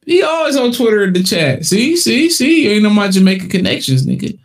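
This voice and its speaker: A young man trash-talks and jokes loudly on a casual sports podcast, laughing often. His voice is high for a man and swings widely in pitch. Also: sing-song, brisk, a crowd in the background. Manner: loud, joking, trash-talking, laughs often. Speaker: podcast co-host.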